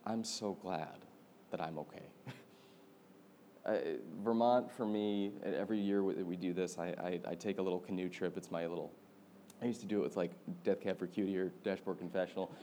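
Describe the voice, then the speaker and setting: A young man preaching a sermon, telling a lively story and laughing often as he talks. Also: low voice, brisk, a little hiss or hum. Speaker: pastor.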